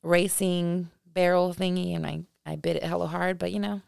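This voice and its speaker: A woman's voice: lowish voice, fairly even intonation, moderate pace, vocal fry, a little mellow, smooth, dry recording. A woman co-hosting a podcast in casual chat, laughing often and swearing freely. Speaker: podcast co-host.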